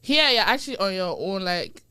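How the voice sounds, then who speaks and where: A woman's voice: medium pitch, normal speed, clean tone, dry recording, clean studio sound. A young woman from Nigeria, chatting casually and telling jokey stories on a podcast. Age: young adult. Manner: animated, joking storyteller. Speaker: podcast participant. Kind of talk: casual chat.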